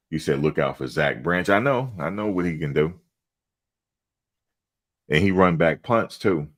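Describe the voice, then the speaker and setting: His bass voice is creaky yet fairly bright as the middle-aged man runs a casual fan live stream, sharing stories and frequently breaking into laughter.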